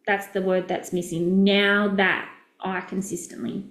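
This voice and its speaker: Australian woman, middle-aged, chatty business coach, mid pitch, roomy echo. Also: flat delivery, unhurried, a bit bright. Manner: chatty, upbeat, direct. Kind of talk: casual live-stream teaching.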